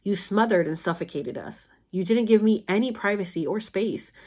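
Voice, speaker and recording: A young adult woman vlogging, speaking candidly and emotionally to her mother about her past, blunt and sometimes swearing. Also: lowish voice. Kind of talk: personal storytelling, addressing her mother.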